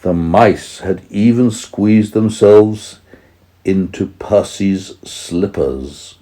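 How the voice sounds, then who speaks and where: A man's voice: deep voice, very slow, mellow. A man reading a children's story aloud to his young child, patiently stopping to explain words.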